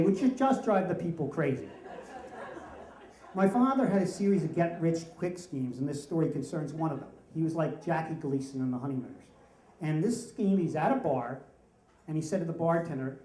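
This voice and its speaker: A man telling a funny personal story on stage at a live story slam, wry and animated, slipping into voices for the people in it. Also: on the high side, moderate pace. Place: stage in a room with an audience. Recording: roomy hall sound.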